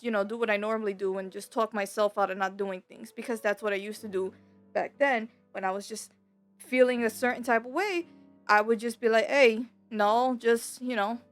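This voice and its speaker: A woman's voice: a little high, a bit bright. A young woman gaming YouTuber talking candidly at home in a rambling, confiding way, full of fillers and restarts. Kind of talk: candid personal vlog talk.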